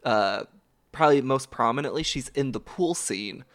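A man from the American South, co-hosting a film podcast in a loose, animated way, with lots of fillers and casual swearing. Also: medium pitch, moderate pace. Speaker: podcast co-host.

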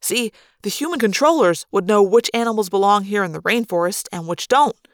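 A woman voicing a wisecracking teenage boy with a teasing, quick-witted manner. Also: medium pitch, animated, no room sound, studio quality, lightly acted. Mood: thoughtful.

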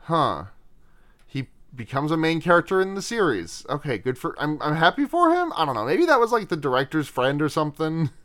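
Young dude rambling on a podcast, kinda high voice, lots of swearing and laughing. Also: male voice, very animated, fairly bright tone. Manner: rambling, profane, quick to laugh. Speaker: podcast co-host. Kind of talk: casual chat recapping a movie.

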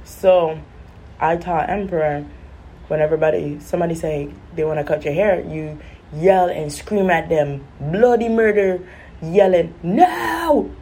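A woman vlogger telling funny personal stories in a chatty, animated way, acting out other people's lines. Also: deep voice, normal speed, low-quality recording. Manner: animated, chatty, acts out voices. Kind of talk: casual storytelling.

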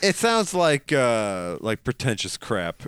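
A man's voice: mid-range voice, big pitch swings, takes it slowly, fairly bright tone, clear, resonant tone, no room sound. A young adult man cohosting a podcast, blunt and joking, often profane. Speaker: podcast co-host. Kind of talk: casual chat.

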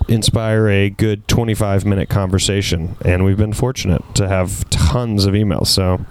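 A man's voice: fairly low pitch, fairly even intonation, normal speed, a little mellow, a little hiss or hum. A man, a comedian guest on a podcast, talking playfully with frequent laughter and running jokes in a casual chat. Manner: playful, laughs a lot, bits and callbacks.

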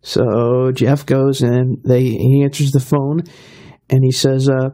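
Lively, laughing male storyteller. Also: mid-range voice, takes it slowly. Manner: lively storyteller who laughs often and acts out quotes. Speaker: radio guest. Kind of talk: animated anecdote telling.

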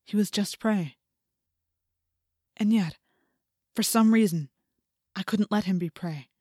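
A woman reading a first-person audiobook in a measured, steady storytelling voice that climbs in intense passages, on a close studio mic. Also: medium pitch, no room sound. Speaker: audiobook narrator.

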